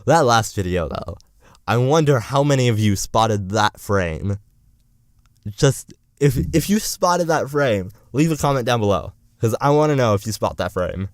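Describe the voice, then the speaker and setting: A young man rants about politics in a loose, profane, sarcastic vlog ramble. His voice is smooth and clear, sitting at an ordinary middle pitch. It is recorded close and dry, with no room sound around it. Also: expressive, a little slow, no room sound. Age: young adult. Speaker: political vlogger.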